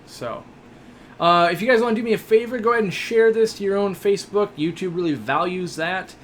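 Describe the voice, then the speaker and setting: Young male live-stream host, a bit high-voiced, loose and jokey with lots of "uh"s, faint hiss behind. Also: brisk, fairly bright tone. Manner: chatty, joking, rambling with many fillers. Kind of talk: casual live-stream chat, reading viewer questions.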